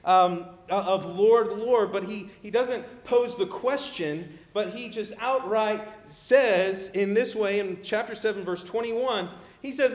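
A middle-aged man preaching a sermon in a conversational way. He gets animated when he acts out people pleading. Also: sits high, unhurried, hardly any pauses. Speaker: pastor. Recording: echoey room.

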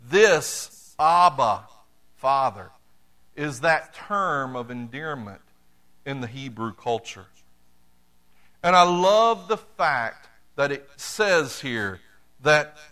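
A man's voice: on the high side, pushed and bright. A middle-aged man preaching a sermon, talking to the congregation in a conversational way with dry humor. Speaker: pastor.

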